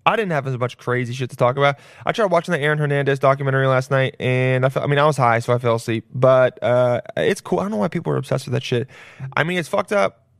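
A man's voice: mid-range voice, fast, creaky, no echo, clean studio sound. A young man hosting a solo podcast, rambling loosely and jokily with plenty of swearing. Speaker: podcast host. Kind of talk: casual solo podcast chat.

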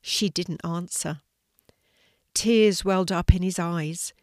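An older woman, a grandmother, gently reading a children's story aloud. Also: fairly low pitch, fairly even intonation, slow pace, no echo, studio quality.

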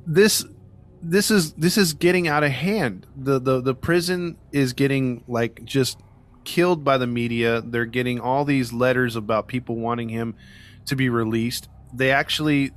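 Casual male podcast host, mid-pitched, rambling with fillers and sarcastic jabs. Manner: rambling, frequent "you know" fillers and restarts. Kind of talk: casual true-crime storytelling chat.

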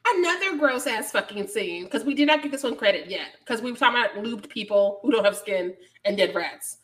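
A woman's voice: a little high, expressive, a little fast, a bit bright. A woman co-hosting a podcast, chatting casually about a movie, laughing often and acting out the characters. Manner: laughs often, acts out characters in mock voices. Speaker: podcast co-host. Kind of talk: casual movie review chat.

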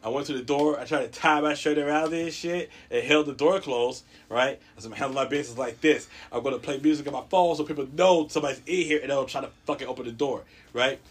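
A man telling a comedic story in casual talk, swearing a lot and jumping into a high voice when quoting others. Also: fast talker, few pauses, husky. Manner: profane, animated, acts out quotes in a high voice.

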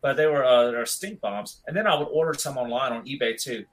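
A man's voice: mid-range voice, fairly quick, a bit bright, rough recording. A man in his thirties telling a long school story in casual chat, rambling and laid-back, with "dude" in almost every sentence.

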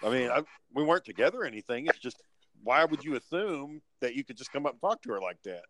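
A fast-talking man with a mid-range voice co-hosts a podcast, telling a convention story casually while cursing freely and animatedly playing out other people's lines. The audio is poor.

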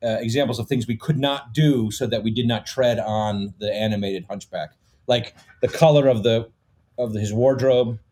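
A man's voice: medium pitch, fairly even intonation, moderate pace, a little mellow. A man in a casual podcast chat, explaining how things worked behind the scenes, with many "you know" fillers. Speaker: comedy troupe member, co-host.

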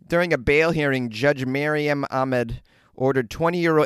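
A man's voice: on the high side, slow, pauses often, clear, resonant tone, no echo, studio quality. A man hosting a comic news podcast from a closet, wry and mocking as he riffs on stories. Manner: wry, mocking, laughs often. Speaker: comedian podcast host. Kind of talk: casual comic news commentary. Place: small closet.

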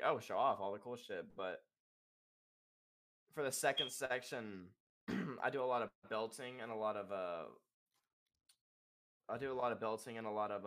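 A young man, a musician guest on a podcast, talking casually and rambling with filler words and swearing. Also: a bit bright. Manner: rambling, casual, swearing, demonstrates singing in high falsetto.

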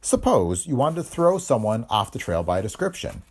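A man playing a calm, smug detective. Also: medium pitch, normal speed, slightly rough, pitched above the performer's own voice. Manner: calm, bland, lecturing.

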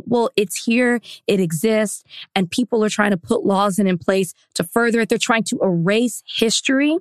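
A woman's voice: medium pitch, no echo. Opinionated woman podcast co-host, dry sound. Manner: opinionated, argues in quick bursts with laughs. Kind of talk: casual chat.

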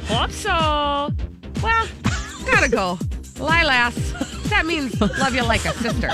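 A woman's voice: sits high, sing-song, takes it slowly, loud music behind the voice, exaggerated voice. A woman doing a bubbly teen girl with a thick Chicago accent. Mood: chirpy. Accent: put-on Chicago and Fargo mix. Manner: exaggerated, sing-song delivery. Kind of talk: reading a note aloud in character.

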